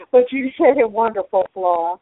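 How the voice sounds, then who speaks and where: A woman's voice: medium pitch, unhurried. Rambling older woman on a phone line. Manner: blunt, rambling. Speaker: host. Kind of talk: casual conversation. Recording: tinny phone line, dry.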